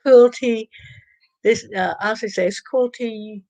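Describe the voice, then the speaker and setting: Speaking on the high side with drawn-out words and a darkish tone, a woman hosts a casual live-stream chat. She reads comments from viewers and rambles with frequent fillers and restarts, and the recording is dry and dull.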